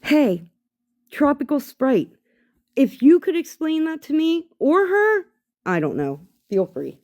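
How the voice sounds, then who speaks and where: A woman's voice: high-pitched, very animated, slow pace, a little mellow. A woman on a livestream, ranting in a profane and exasperated way about a falling-out. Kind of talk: angry livestream rant.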